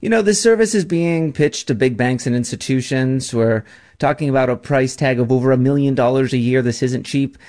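A man's voice: mid-range voice, a little mellow. Male news correspondent reporting plainly. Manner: measured, reportorial. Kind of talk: radio news interview.

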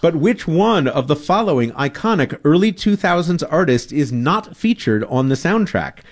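A male quiz host with a slightly high voice that swoops all over the place. He reads each question and fun fact playfully and keeps things bouncy. His delivery sounds like a lively radio game. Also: normal speed.

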